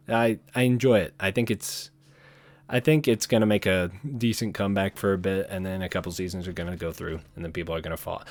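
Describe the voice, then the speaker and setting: A man hosting his own channel, talking alone in a rambling, casual way, often correcting himself and trailing off quietly. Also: low voice, no echo. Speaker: channel host. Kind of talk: casual solo chat.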